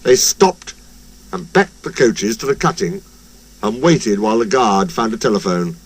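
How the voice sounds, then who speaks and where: Brief: male storybook narrator, unhurried, wildly expressive pitch, soft music behind. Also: slightly rough. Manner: slow, very animated storytelling.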